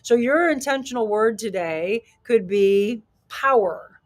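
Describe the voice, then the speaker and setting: Emphatic, energetic woman radio host. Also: slow. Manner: emphatic, energetic, acts out quotes with rising pitch. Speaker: radio talk show host and fitness coach. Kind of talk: motivational talk radio.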